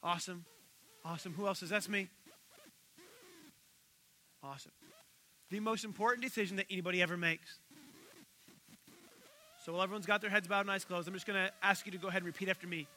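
A male pastor delivers a sermon with a high, sharply bright voice. He retells stories animatedly, jumping into the voices of the people in them. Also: fast talker, long pauses, a little hiss or hum, poor audio. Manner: animated storytelling, acting out quoted voices.

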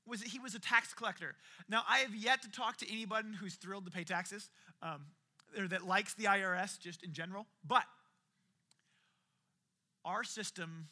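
Bright-voiced animated male preacher. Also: sits high. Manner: conversational and animated, with jokey asides. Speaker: pastor. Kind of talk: sermon.

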